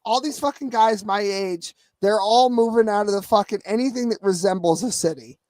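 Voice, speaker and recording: A man's voice: high-pitched, normal speed, a little mellow, dry recording. Profane rambling man, dry close mic. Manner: rambling, profane, restarts often. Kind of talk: casual profane banter.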